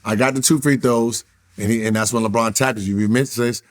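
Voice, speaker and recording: A man in a casual interview, telling a long story full of swearing. He gets animated and acts out what others said in a raised voice. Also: mid-range voice, fairly quick. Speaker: interview guest, former basketball player.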